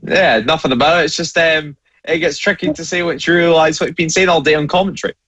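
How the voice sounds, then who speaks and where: Measured male race commentator. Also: on the high side, fairly even intonation, bright, forceful tone, husky, no echo, muffled recording. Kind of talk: casual motorsport chat.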